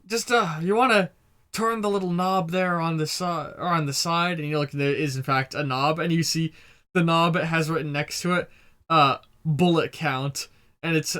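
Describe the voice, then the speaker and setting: A man's voice: a little high, a bit bright. A man running a tabletop role-playing game, narrating the scene casually with fillers and laughs. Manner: casual, laughing, trying on character voices. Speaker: game master.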